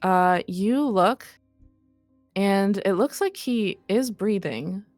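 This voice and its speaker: A woman narrating a tabletop role-play as game master, relaxed and full of fillers. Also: mid-range voice, slow, dry recording, soft background music.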